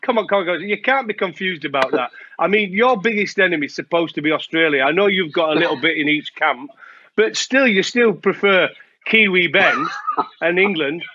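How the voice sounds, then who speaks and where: A man's voice: a little high, expressive, fast talker, bright, forceful tone. A man in his forties hosting a podcast, teasing his guest in a casual, jokey way. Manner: teasing, jokey, laughs often. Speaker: podcast host, former cricketer. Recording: dry, thin lo-fi sound.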